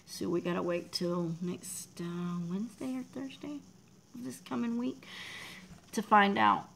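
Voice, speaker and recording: Soft-spoken, gravelly woman livestreaming. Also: mid-range voice, steady tone, unhurried, slight background noise, poor audio. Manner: emotional, talks softly, drops to near whispers; reads out and thanks viewers in chat. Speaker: livestream host. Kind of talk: casual livestream chat.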